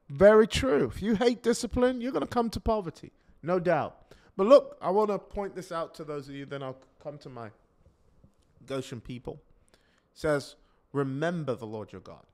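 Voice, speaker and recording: A man preaching a sermon in an emphatic way, repeating key lines and swinging from loud declarations to hushed asides. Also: high voice.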